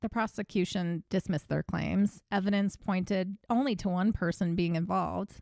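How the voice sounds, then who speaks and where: A woman's voice: fairly low pitch, normal speed, creaky, a little mellow, no echo, clean studio sound. A woman hosting a true crime podcast, telling the case in a blunt, profane, casual way. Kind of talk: casual storytelling chat.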